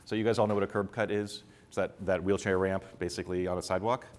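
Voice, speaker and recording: Casting: middle-aged male conference speaker, lowish voice, rapid delivery full of ums. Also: level tone. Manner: fast-talking, many fillers. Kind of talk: conference talk. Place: conference room with audience.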